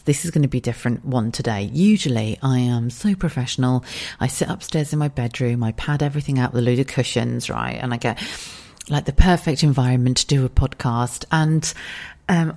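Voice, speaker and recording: A woman in her forties hosting a podcast, chatting frankly and swearing freely while keeping her voice hushed in her kitchen at home. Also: a bass voice. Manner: hushed, speaking softly so as not to wake a child. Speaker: podcast host. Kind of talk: casual chat.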